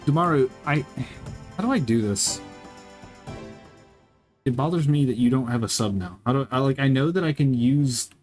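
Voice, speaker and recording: A man's voice: medium pitch, a little fast, few pauses, darkish tone, soft background music. Rambling, foul-mouthed male game streamer. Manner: rambling, profane, joking. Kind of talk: casual chat with live chat while playing.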